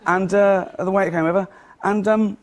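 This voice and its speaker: A man's voice: sits high, steady tone, normal speed. A man telling a rambling chat-show anecdote with fillers and asides.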